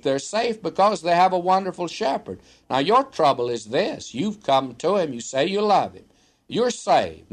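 An older man teaches the Bible on the radio, answering a listener in a folksy, pastoral way. His voice sits fairly high and rises and falls with real animation. He talks to the listener like a friend.

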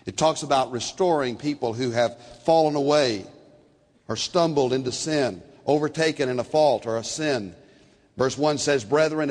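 Older preacher in a reverberant hall. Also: male voice, mid-range voice. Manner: storytelling, swings from soft and slow to loud and animated. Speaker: pastor. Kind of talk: sermon.

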